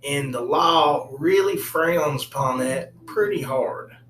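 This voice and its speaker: A man's voice: a little high, slow pace, fairly bright tone, roomy sound, distant mic, a little hiss or hum, low-quality recording. A man telling a comic personal story in a rambling, wry way with many asides.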